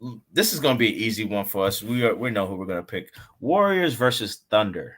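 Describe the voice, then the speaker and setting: Laid-back low-voiced man talking sports. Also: expressive, fairly quick, fairly bright tone. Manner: laid-back, laughs often, says "man" a lot. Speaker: podcast host. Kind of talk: casual sports chat.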